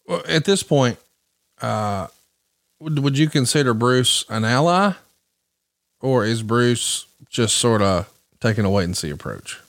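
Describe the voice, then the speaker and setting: A man's voice: medium pitch, expressive, measured pace, long pauses, fairly bright tone, dry recording, studio quality. A man hosting an interview, asking long, detailed questions. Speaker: podcast host.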